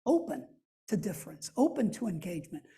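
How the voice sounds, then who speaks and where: A man lecturing at a church in a very husky, breathy voice with a mellow, dark tone. He speaks thoughtfully, pausing and restarting phrases as he works through an idea. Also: sits high, very animated. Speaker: guest lecturer.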